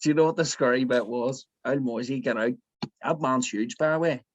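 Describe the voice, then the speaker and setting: A man's voice: mid-range voice, a little fast, dry recording. A man with a Northern Irish accent, a podcast guest chatting casually and telling stories with frequent laughs. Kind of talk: casual chat. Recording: dull, lo-fi mic.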